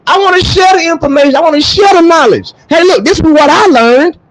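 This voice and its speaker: A man rants straight to camera, blunt and profane. His voice sits unusually high and leaps around wildly, dropping low for emphasis and jumping up in mock dialogue. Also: brisk, slight background noise, rough recording. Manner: blunt, profane, animated, swings between loud and low. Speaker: track coach and vlogger. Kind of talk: ranting to camera.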